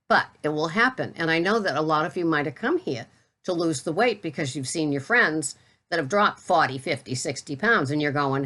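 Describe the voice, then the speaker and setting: A woman's voice: sits low, pushed and bright. A middle-aged woman with a Boston accent, chatting casually and bluntly to camera about the food she buys. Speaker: keto vlogger. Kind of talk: casual product talk to camera.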